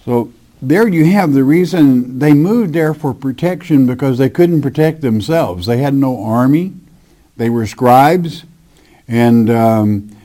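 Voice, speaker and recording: A man teaching a sermon, reading scripture aloud and explaining it in an emphatic, deliberate preaching manner. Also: mid-range voice, warm tone. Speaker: Bible teacher.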